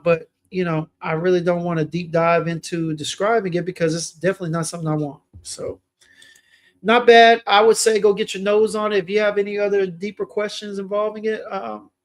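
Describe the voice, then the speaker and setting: A young man hosting a fragrance livestream, chatting casually and reading viewer comments aloud in a laid-back way. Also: high voice.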